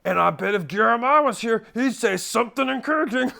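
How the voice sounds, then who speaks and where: A man playing a goofy volunteer in a comic training sketch, excitable and silly. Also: very high-pitched, fairly quick, vocal fry. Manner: excitable, silly, bursts into laughs and cheers.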